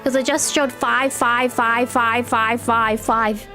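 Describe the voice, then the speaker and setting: A woman's voice: on the high side, fairly even intonation, takes it slowly, sharp tone, faint music behind. A young woman streaming a game live, chatting with her viewers in a playful, teasing way.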